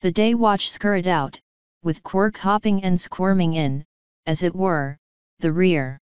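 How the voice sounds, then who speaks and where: A woman reads an audiobook in a measured, dry manner, her voice smooth, very clear and set a little low. The sound is close and dry, but dull and lo-fi. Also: no echo. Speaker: audiobook narrator. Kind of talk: audiobook narration.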